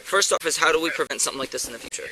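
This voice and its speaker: Firm brisk male police officer. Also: a little high, poor audio. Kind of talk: questioning at a scene. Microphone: police body camera. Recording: body camera with crowd noise.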